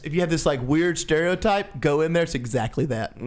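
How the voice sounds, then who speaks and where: A man co-hosting a podcast, telling stories in casual chat, animated, swearing and laughing often. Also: fairly high pitch, fairly quick, slight background noise. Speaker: podcast co-host.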